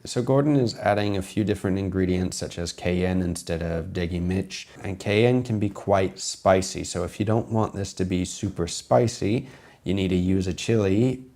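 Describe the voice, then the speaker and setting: A man's voice: low-pitched, moderate pace, a little mellow. A man, a chef, casually commenting on a cooking video and explaining tips to viewers, his voice a little strained from being sick. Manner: explanatory, talks to viewers as "guys". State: voice strained from recent illness.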